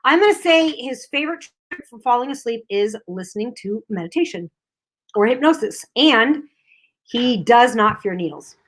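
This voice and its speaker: A woman's voice: on the high side, lively intonation, normal speed. A woman co-hosting a casual live stream, chatty, teasing and laughing easily. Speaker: co-host.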